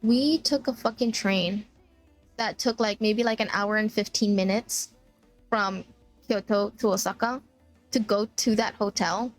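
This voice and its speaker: A woman's voice: mid-range voice, fairly even intonation, measured pace, faint music behind. A woman streamer chatting casually about a sad trip story, tearful, laughing through tears and full of "like" fillers. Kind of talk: casual chat.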